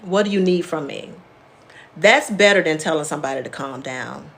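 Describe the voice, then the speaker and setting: A woman's voice: deep voice, animated, moderate pace, fairly bright tone. A woman therapist hosting a live wellness class, explaining in a plainspoken, conversational way and answering viewers' comments by name. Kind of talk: casual live-stream teaching.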